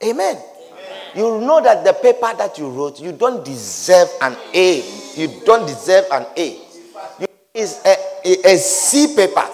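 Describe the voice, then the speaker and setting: High, lively-voiced preacher man in a hall. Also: unhurried. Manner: emphatic, repetitive, rising to shouts. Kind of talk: sermon. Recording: reverberant hall.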